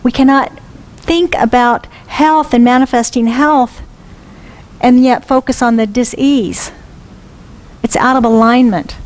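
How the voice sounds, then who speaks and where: A woman's voice: on the high side, steady tone, measured pace, pauses often, a little mellow, poor audio. A woman minister giving a sermon, asking earnest questions and repeating them for emphasis. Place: church sanctuary.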